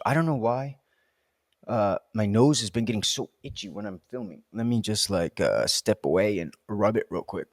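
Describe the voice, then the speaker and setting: The vlogger's voice is fairly low and expressive, moving at normal speed in a dry, clean studio recording. He stands indoors filming a casual solo vlog, working through reflective questions and talking to himself with playful self-deprecation.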